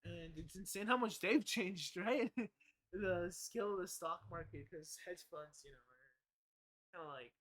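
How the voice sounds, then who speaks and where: Young man, fairly high voice, rambling streamer chat, self-correcting, swears a lot. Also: unhurried, fairly bright tone. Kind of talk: casual live-stream chat.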